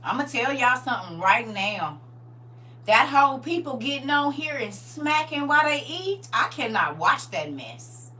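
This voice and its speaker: A woman's voice: high-pitched, big pitch swings, a little slow, sharp tone. A middle-aged woman hosting a livestream, chatting casually and emphatically and laughing often. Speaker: livestream host. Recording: distant mic with faint hum.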